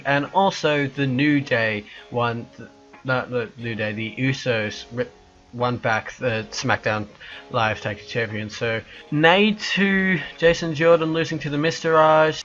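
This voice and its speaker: A young man talks through a wrestling event in a loose, rambling review, tripping over names and correcting himself as he goes. His voice sits at an ordinary middle pitch, and faint music plays underneath. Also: a bit bright. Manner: rambling, quick, jokey with self-corrections. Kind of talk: casual solo review chat.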